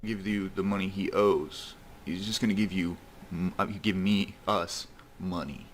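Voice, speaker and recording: A man in a played video, recounting a friend leaving him in a halting, hurt way. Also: deep voice, steady tone, slight background noise. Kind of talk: personal account in a played video.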